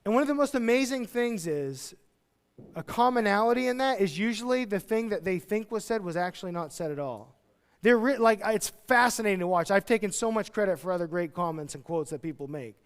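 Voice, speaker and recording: A man preaching a sermon as pastor, chatty and jokey, with sudden loud, excited outbursts. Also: high-pitched, a little fast, clean tone.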